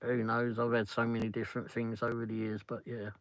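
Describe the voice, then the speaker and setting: A man's voice: mid-range voice, monotone, fairly quick, no echo, low-quality recording. English man, middle-aged, rambling livestream chat, close dry sound. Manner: rambling, peppers talk with "flipping". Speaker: livestream host. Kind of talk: casual livestream chat, answering viewer comments. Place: car on a drive home.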